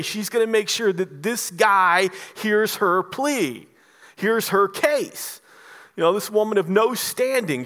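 A male pastor preaching a Sunday morning sermon, lively and acting out the voices he quotes. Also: sits high. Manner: animated, acts out the quoted voices.

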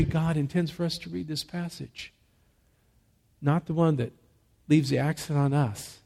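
Male pastor, sermon delivery, emphatic and measured, slightly raised pitch, nursing a cough. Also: fairly even intonation, vocal fry, warm tone. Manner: measured, emphatic preaching with rhetorical questions. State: fighting a cough.

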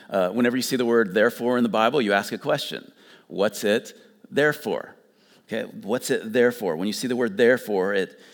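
A man's voice: medium pitch, big-room sound. A pastor preaching a conversational sermon, often restarting and repeating words as he explains.

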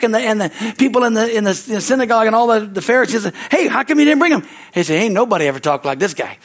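A pastor delivers a fervent sermon, frequently interjecting hallelujah and amen. He swings between loud, rising passages and quiet, low asides.

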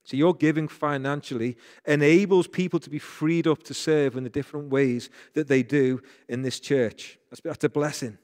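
A man's voice: on the high side, steady tone, normal speed, hardly any pauses, darkish tone, big-room sound. A man with a Northern English accent preaching a sermon as pastor, earnest and repeating phrases for emphasis.

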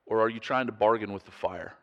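Deep-ish guy preaching hard, lots of pointed questions, big echoey hall. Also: fast talker, a bit bright, lo-fi sound. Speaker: pastor. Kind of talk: sermon.

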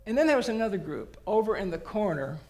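A man's voice: high-pitched, big pitch swings, quick pace, darkish tone. A man preaching a sermon as a guest preacher, telling the story in a folksy, humorous way.

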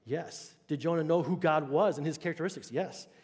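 Male preacher with a fairly high voice, casual conversational sermon, lots of questions to the room, long church reverb. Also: a little fast, a little mellow. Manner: conversational, checks in with the congregation. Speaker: pastor. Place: church sanctuary.

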